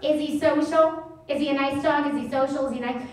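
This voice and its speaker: Comedian woman putting on a prying, gushy mom, high and sing-song, echoey live room. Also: steady tone, fairly quick, darkish tone, slight background noise, lightly acted. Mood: fussy. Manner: sing-song, fussy repeated questions. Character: gushing, nosy young mother at a coffee shop. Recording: echoey theater, mic at a distance.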